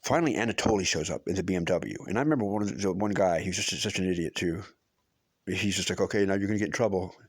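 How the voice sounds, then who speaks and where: A man's voice: low voice, fast talker, husky, no echo. A middle-aged man telling a personal story in a casual, rambling way, restarting often and swearing for emphasis. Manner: rambling, with many restarts and fillers.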